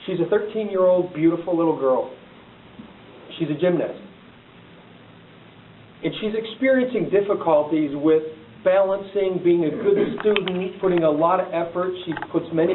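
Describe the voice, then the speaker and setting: A middle-aged man giving a heartfelt motivational talk, telling a personal story in an earnest, emphatic way. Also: high voice. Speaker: motivational speaker. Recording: echoey, distant, tinny, hissy recording.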